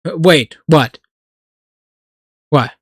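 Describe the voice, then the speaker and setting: A streamer reacting to a game on a livestream, swinging from low mumbles into profane, mock-furious shouting rants. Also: extremely slow, breathy edge, no echo.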